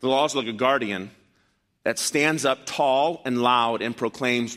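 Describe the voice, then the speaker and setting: A man preaching a sermon to his congregation, animated and emphatic, with loud bursts and quiet asides. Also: mid-range voice, measured pace. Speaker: pastor. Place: church.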